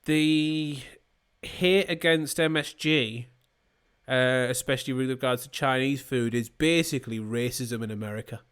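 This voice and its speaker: A man's voice: medium pitch, measured pace, fairly bright tone, smooth. A young man co-hosting a podcast, telling sweary, laughing stories in casual chat. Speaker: podcast co-host.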